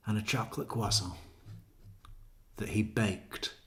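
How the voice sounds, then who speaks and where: Low slow-voiced guy riffing sarcastically on a livestream, chuckling at his own jokes. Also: background noise. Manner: sarcastic, mocking, chuckling asides. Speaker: true crime commentator. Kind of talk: livestream commentary.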